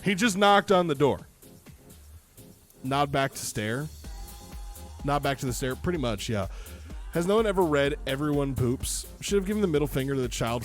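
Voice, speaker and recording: A man streaming, telling a story in casual chat, exasperated and swearing freely. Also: fairly high pitch. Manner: animated, exasperated, profane.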